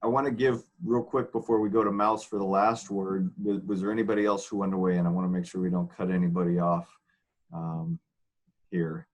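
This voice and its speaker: A man moderating a panel on a video call, brisk and appreciative as he passes the word along. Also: sits low. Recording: dull lo-fi call audio.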